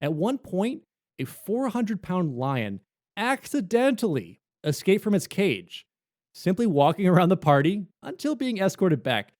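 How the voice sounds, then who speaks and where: A man co-hosting a gaming podcast in casual chat, jokey and animated, slipping into quick silly voices. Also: high voice. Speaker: podcast co-host.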